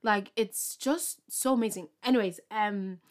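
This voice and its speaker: A young woman hosting her own podcast, chatting casually in an excitable, rambling way with lots of fillers. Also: mid-range voice, a little slow. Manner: bubbly, excitable, rambling with many fillers and laughs. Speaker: podcast host. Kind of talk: casual solo podcast chat.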